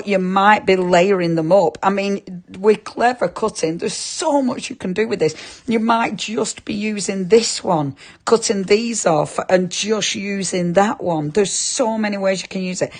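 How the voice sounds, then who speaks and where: A woman's voice: mid-range voice, darkish tone. A woman presenting a live craft shopping show, chatting and giggling as she reads viewer comments.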